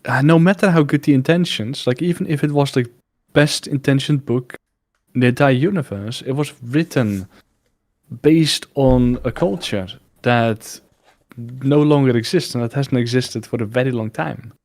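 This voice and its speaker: A man talking casually and thoughtfully, hedging with lots of fillers as he muses out loud. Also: mid-range voice, normal speed. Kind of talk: casual chat.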